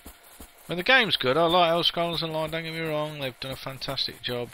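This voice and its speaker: A man talks through a game he's playing, voice very bright and sharp-edged. He rambles casually, trades playful asides and gives his opinions freely, with a faint hiss of noise under him. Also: on the high side, brisk, low-quality recording. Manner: chatty and opinionated, with frequent laughs and playful asides. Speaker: let's play gamer. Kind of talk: casual gameplay commentary.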